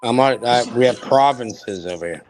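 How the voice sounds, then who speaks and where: A man's voice: mid-range voice, moderate pace, darkish tone, slight background noise. Taunting cryptic man from Canada. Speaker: panel participant. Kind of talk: heated online panel argument.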